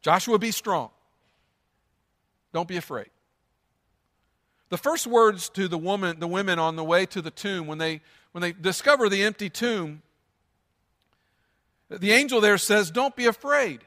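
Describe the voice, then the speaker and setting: A man's voice: high-pitched, a little slow, long pauses, bright, forceful tone, in a large hall. A man preaching a sermon as pastor, earnest and emphatic, with lots of repetition.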